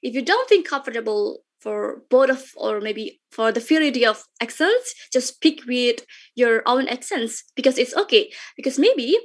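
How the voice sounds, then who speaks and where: Young Indonesian-accented woman, somewhat high voice, chatty webinar talk. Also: expressive, normal speed. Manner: chatty, repetitive, with frequent fillers. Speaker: webinar speaker.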